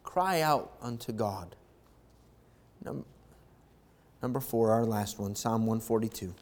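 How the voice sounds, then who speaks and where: A man preaching a sermon, reading scripture and swinging from quiet, low talk to loud, impassioned calls. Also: slow, big-room sound. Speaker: pastor.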